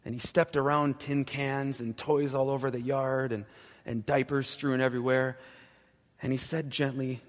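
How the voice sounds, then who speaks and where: Pastor telling a story in a reverberant church. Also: male voice, medium pitch, flat delivery. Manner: dramatic, slowing and dropping to a hush at key moments. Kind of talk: sermon storytelling.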